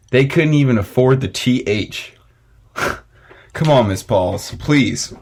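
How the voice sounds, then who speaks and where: A man's voice: mid-range voice, lively intonation, unhurried. A young man hosting a casual podcast chat, ranting and swearing with frequent laughs. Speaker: podcast host.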